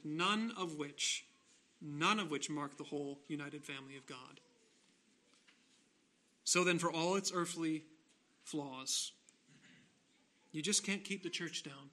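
Bright-voiced male preacher. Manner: emphatic preaching, slowing and rising on key phrases; softer, lower voice in closing prayer. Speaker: pastor. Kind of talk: sermon.

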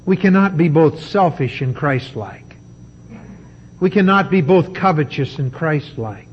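A man preaching a sermon, emphatic and deliberate, with dramatic pauses. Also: a little high, lively intonation, muffled recording, slight background noise.

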